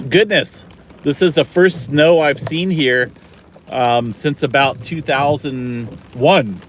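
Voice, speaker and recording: A man films himself outside in the falling snow and rambles excitedly into a handheld camera, with lots of "uh"s and happy exclamations. His voice has a bright, forceful edge. Faint background noise sits behind him. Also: mid-range voice. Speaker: weather channel host. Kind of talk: casual on-the-spot weather vlog. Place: outdoors in falling snow beside his car, rural neighborhood.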